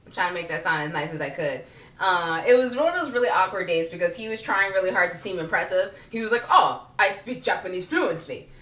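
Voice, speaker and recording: Bright-voiced woman telling a funny story, super animated, mic kinda far off in an echoey room. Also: fairly low pitch, fast talker. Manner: animated, sassy, laughs often, acts out quotes. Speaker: vlogger. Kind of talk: casual comic storytelling.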